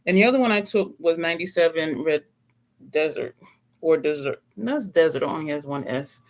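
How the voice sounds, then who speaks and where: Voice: mid-range voice, lively intonation, fast. Chatty makeup vlogger, rambling asides. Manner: chatty, rambling product rundown with self-corrections; laughs now and then, playful asides. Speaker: beauty vlogger. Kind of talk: casual makeup review chat.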